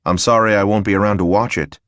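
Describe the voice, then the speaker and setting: A man's voice: on the low side, fairly even intonation, fast, a bit bright, no room sound, lightly acted. A man reading a sardonic male assassin in an audiobook, who taunts his enemies in a dry, mocking way. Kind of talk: audiobook character voice.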